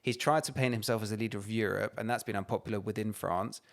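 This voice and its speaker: A man's voice: lowish voice, steady tone, fast, creaky. A man co-hosting a podcast, ranting and swearing emphatically in casual chat. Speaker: podcast co-host.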